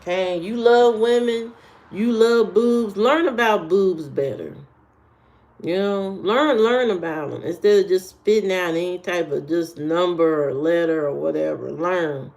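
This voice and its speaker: A woman's voice: fairly low pitch, a little slow, a little mellow. A woman live streamer chatting casually with her viewers, answering their comments with sass. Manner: sassy, talks back at trolls.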